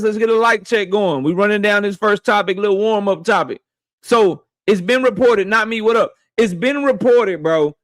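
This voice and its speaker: A man hosting a boxing livestream, shouting out viewers by name in loose, slangy casual talk. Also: high-pitched, no room sound, studio quality.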